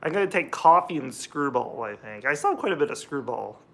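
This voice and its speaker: A man's voice: medium pitch, big pitch swings, brisk, vocal fry, a bit bright. A young American man chatting casually on a livestream while cooking, rambling and greeting viewers by name. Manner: rambling, chatty, reads out chat names. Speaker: livestream host.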